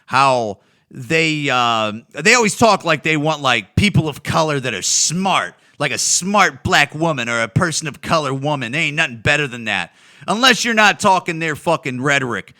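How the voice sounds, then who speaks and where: A man's voice: a little high, lively intonation, normal speed, pushed and bright. A man from Ohio hosting a podcast, delivering a rambling, profane opinion monologue with frequent stammering restarts. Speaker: podcast host.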